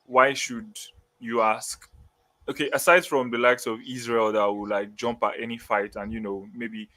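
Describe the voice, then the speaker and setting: A man speaks as co-host in a relaxed live stream, building his point step by step with frequent "you know"s. His pitch is ordinary. The sound is dry and close. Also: no echo. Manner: measured, reasoning aloud with hedges. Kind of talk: casual live-stream chat.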